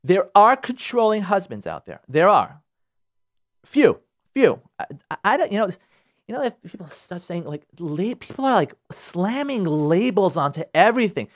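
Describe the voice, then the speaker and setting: A man giving marriage advice on a radio talk show, his fairly high voice leaping up and down as he stresses each point. He repeats himself for emphasis, and the sound is close and dry. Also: very animated, normal speed, dry recording.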